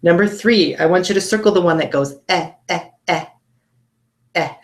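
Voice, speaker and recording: Woman, phonics teacher for kids; low, patient, deliberate delivery; roomy echo. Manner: slow, patient, models sounds clearly. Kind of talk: video lesson for children.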